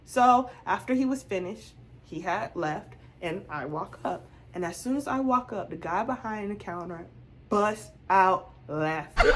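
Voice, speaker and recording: A young woman vlogger telling a casual storytime, animated and acting out both sides of her conversations. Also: medium pitch, moderate pace, a little hiss or hum.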